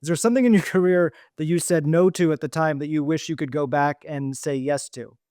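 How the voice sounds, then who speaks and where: A male podcast host with a fairly high, smooth, resonant voice. He asks measured questions dotted with ums, and the sound is dry and close to the mic. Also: darkish tone, dry recording. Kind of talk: podcast interview.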